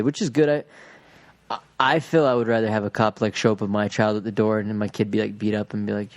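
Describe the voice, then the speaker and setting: A man's voice: on the low side, a little mellow, dry recording. A man chatting casually and rambling, swearing and acting out what other people said. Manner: rambling, profane, acts out quoted voices. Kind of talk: casual chat.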